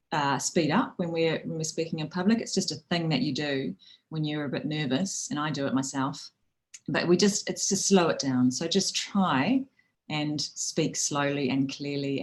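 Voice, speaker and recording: A woman's voice: sits low, poor audio. A woman with a New Zealand accent giving practical, friendly advice on public speaking, often restarting phrases and adding "you know". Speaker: speaking coach. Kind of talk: instructional talk on public speaking.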